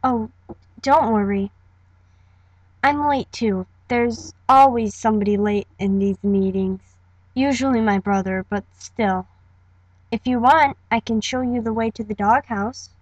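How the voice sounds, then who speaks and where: A woman's voice: a little high, a little slow, a little mellow, no room sound, dull audio. A woman voicing a friendly, chatty young woman who welcomes a newcomer, in a casual, cheery audition read. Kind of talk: voice acting audition.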